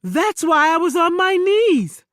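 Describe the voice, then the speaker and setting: A woman voicing a self-righteous male faith healer who stammers and insists loudly on his innocence. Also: extremely high pitch, very animated, a little slow, no room sound, clean studio sound, voice pushed up, heavily acted. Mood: defensive, pleading.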